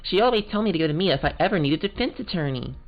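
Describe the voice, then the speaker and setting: A man's voice: a little high, animated, very fast, pitched above the performer's own voice. A man voicing an eager sixteen-year-old girl scientist in a Valley Girl voice. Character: eager teen girl, aspiring scientific investigator. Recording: muffled, game music behind.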